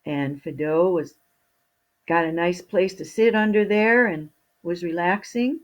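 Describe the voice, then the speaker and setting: A woman storyteller telling a fairy tale to children in a slow, expressive way. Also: on the low side, lo-fi sound.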